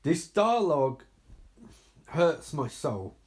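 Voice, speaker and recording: Animated sarcastic man riffing on a movie. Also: a little high, takes it slowly. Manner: sarcastic, exasperated, swears freely. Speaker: movie commentator. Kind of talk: live movie reaction commentary.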